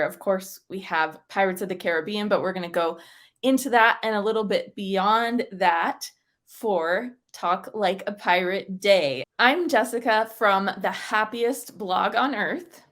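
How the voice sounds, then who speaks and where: A woman co-hosts a podcast in a relaxed, chatty way. She sounds playful and upbeat, slipping jokes into her talk. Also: medium pitch. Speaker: podcast co-host. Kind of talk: casual podcast chat.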